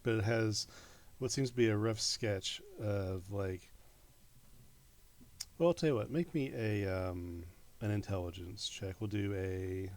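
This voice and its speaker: A man narrating as game master of a tabletop game, halting with many fillers. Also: lowish voice, a little mellow.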